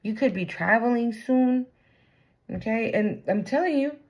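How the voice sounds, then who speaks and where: A woman's voice: fairly high pitch, animated, measured pace, poor audio. A woman giving a casual tarot reading, blunt and profane, full of slang. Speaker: tarot reader.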